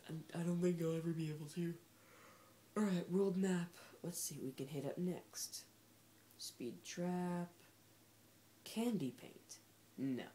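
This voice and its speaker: A woman's voice: on the low side, a little slow, long pauses, dark tone, slight background noise. A woman giving casual, sarcastic commentary while playing a racing game, talking back at the game's characters. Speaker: gameplay commentator.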